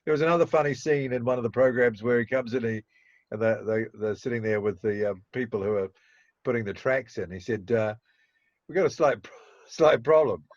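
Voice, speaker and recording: A man's voice: medium pitch, fairly quick, dry recording, highs cut off. A man with a New Zealand accent, co-hosting a podcast, rambling through anecdotes with restarts and chuckles. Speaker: podcast co-host. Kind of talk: casual chat. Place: home studio in Auckland.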